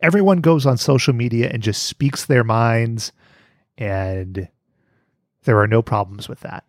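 A man hosting a podcast, recapping an episode in a joking, profane, animated way. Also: mid-range voice, measured pace, no echo, clean studio sound. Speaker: podcast host. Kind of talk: casual chat recapping an episode.

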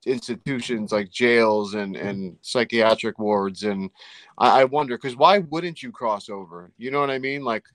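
A man hosting a casual podcast, musing out loud in a rambling way with many fillers. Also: mid-range voice, measured pace, no echo. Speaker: paranormal podcast host. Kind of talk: casual chat.

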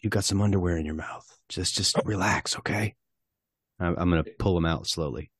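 A man playing his character in a tabletop game, talking in a playful, drawling, mock-gentle way. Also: sits low, brisk, husky, no room sound, clean studio sound. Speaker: player. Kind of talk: tabletop role-play.

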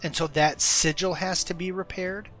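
A man running a tabletop game as game master, narrating in a relaxed, loose way with many fillers. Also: high-pitched, normal speed, soft background music.

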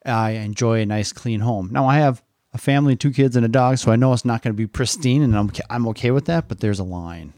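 Middle-aged dad hosting a podcast. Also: male voice, mid-range voice, brisk, a little mellow, no room sound, studio quality. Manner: teasing, rambling with restarts. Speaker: podcast host, father. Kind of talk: casual family podcast chat. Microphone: podcast microphone.

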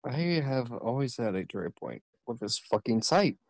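A man's voice: mid-range voice, moderate pace, gravelly, no room sound. A man in a casual podcast chat, exasperated and swearing often.

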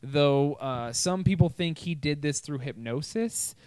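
A young man co-hosts a podcast, telling history stories in loose, profane casual chat and laughing along the way. His voice is on the high side and his pace is measured.

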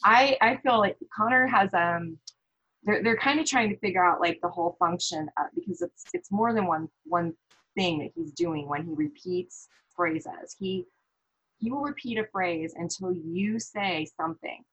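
Husky-voiced middle-aged woman, animated guest. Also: mid-range voice, normal speed, rough recording. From American Midwest. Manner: animated storytelling, frequent restarts and laughs. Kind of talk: casual interview talk.

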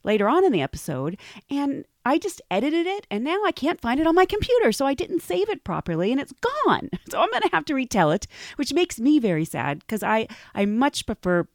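A woman's voice: high voice, fairly quick, no echo, studio quality. A woman hosting a podcast, telling a story casually, laughing often and acting out the people in it. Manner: giggly, animated, acts out quoted voices. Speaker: podcast host.

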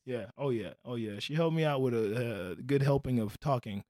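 A man's voice: mid-range voice, moderate pace, mellow. A man in casual group chat, talking animatedly, laughing often and slipping into imitated voices as he tells stories.

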